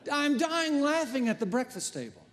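Casting: middle-aged male pastor, high lively voice, dramatic storyteller, church reverb. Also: normal speed, slight background noise. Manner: animated storytelling, swings from hushed to loud. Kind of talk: sermon. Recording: long hall reverb.

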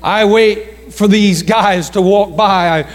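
A male pastor telling a story in a sermon, dramatic, slowing down for emphasis and acting out the voices of others. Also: high-pitched, long reverb tail. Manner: dramatic storytelling with slowed emphasis and acted quotes.

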